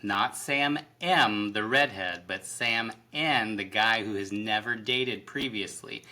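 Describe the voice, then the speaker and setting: Bright-voiced man making his case. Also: fairly low pitch, slow pace. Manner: argumentative, builds his case point by point. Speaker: podcast co-host. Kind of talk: casual reality TV recap chat.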